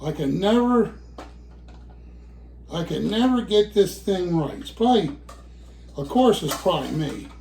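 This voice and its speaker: Slow-talking, profane man, somewhat breathless, muttering his way through a home cooking vlog with a faint hum behind him. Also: high-pitched, expressive, creaky. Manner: rambling, swears often, mutters to himself. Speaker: vlogger. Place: home kitchen.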